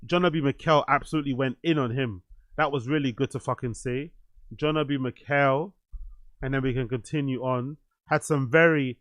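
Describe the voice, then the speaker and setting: A man's voice: medium pitch, no room sound. A young man, hosting a stream and reacting to clips with blunt, profane commentary. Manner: blunt, profane, animated ranting.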